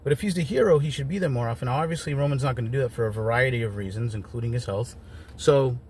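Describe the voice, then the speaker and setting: A man's voice: mid-range voice, quick pace, a little mellow, slight background noise. A man giving a casual solo review of wrestling shows, chatty and wry, with lots of ums and joking asides.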